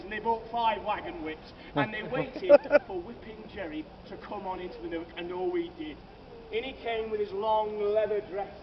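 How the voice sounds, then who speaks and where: Captured on a distant mic, a high-voiced man tells tales with theatrical flair on a comedic ghost tour through city streets at night. He keeps it jokey and calls listeners sir and madam, against loud street noise in lo-fi quality.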